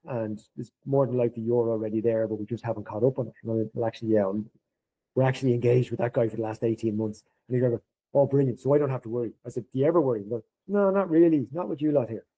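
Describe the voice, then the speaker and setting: A middle-aged man chatting as a podcast guest, his voice very dark and husky. He tells his stories lively, jumping up in pitch whenever he plays out someone's lines. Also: fast talker, poor audio. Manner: animated, acts out quoted dialogue in a raised voice. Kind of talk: casual storytelling conversation.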